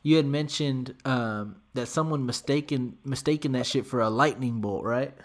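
A man's voice: medium pitch, normal speed. A male podcast host interviewing a guest in a brash, playful, slangy way. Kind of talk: casual interview.

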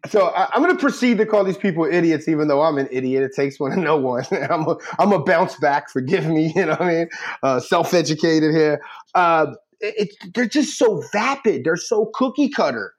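Brash ranting man, fairly high voice. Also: lively intonation, a little fast, slightly rough. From Philadelphia area, United States. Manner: brash, ranting, self-mocking. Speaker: podcast co-host. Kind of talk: casual sports podcast banter.

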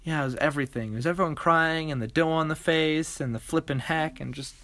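Brief: podcast co-host, woman with a very low voice, measured and explanatory, dry close sound. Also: a bit bright, dry recording. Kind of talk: casual chat.

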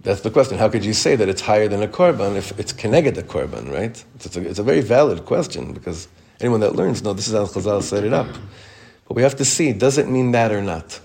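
Rabbi guy giving a class, lowish voice, reads fast then chats it through. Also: vocal fry, slightly rough. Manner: reads Hebrew text fast, then explains it in relaxed English; chatty, with frequent restarts. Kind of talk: Torah class, explaining a text.

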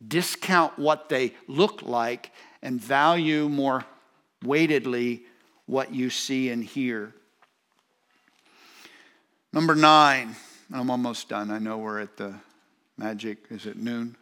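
A man's voice: medium pitch, fairly even intonation, slow, pauses often, sharp tone. A man preaching a sermon, emphatic and repetitive, speaking straight to the congregation. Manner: speaks directly to congregation, asides to audience.

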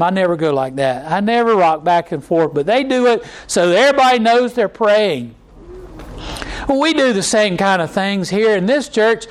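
Guy pastor with a high voice, chatty sermon, lots of uh's and restarts. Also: rough recording. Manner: conversational preaching, many fillers and restarts, mocking impressions. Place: church.

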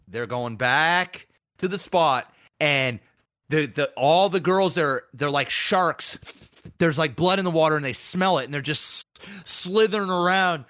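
A man co-hosting a casual podcast, telling stories with animated swings and profane acted-out quotes. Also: a little slow. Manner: animated storytelling, acting out quoted people in bursts of pitch, profane. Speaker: podcast co-host.

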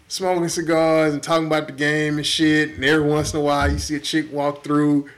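A man's voice: a little high, fairly quick, hardly any pauses. A man co-hosting a podcast, telling a story in a loose, profane way and acting out the people in it. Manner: animated, profane storytelling with quoted voices. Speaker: podcast co-host. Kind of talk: casual storytelling chat.

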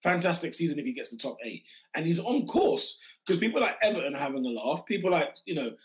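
A man, hoarse after losing his voice, hosting a casual football chat with emphatic, repeated phrases. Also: on the high side, fast, poor audio. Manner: animated, interjecting, emphatic repetitions. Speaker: podcast host.

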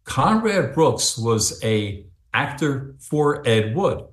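A man's voice: medium pitch, big pitch swings, slow pace, roomy sound. A man who is a psychic medium and a guest on an interview show, telling a long, rambling story with many fillers.

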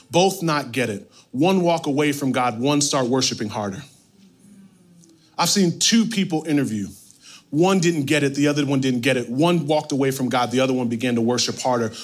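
A male pastor preaching a sermon, reading scripture and retelling it with animated, playful asides. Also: on the high side.

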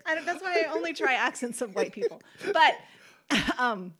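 A woman's voice: high voice, very animated, normal speed, fairly bright tone. A woman co-hosting a casual faith podcast conversation, chatty, full of "like" fillers and easy laughter, leaning hard on key words. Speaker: podcast co-host.

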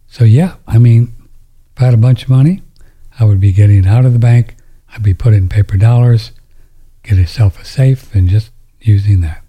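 Male host, low husky tone, loose rambling delivery with hushed asides. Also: brisk. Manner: rambling, with frequent restarts and drops into near-whispers. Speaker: host answering viewer questions. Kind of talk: casual monologue.

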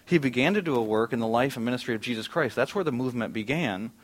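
A middle-aged pastor preaching a conversational sermon in a church auditorium, asking the congregation questions. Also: male voice, mid-range voice, expressive, fast.

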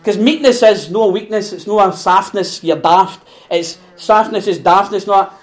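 A Scottish man with a notably high-pitched voice preaching in a relaxed, chatty way on a podcast. He is animated and quick to laugh, and slips into little acted-out voices as he makes his points. He sounds like he is talking with friends rather than lecturing. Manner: animated, laughs often, acts out quoted voices. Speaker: podcast host. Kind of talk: conversational preaching.

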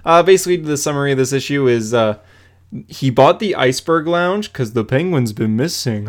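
A man's voice: mid-range voice, expressive, fairly quick. A man talks through a comic book plot in loose, casual chat. He fills his speech with "uh" and "like" and keeps going as he recaps. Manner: rambling, many fillers, laughs while retelling. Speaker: podcast co-host.

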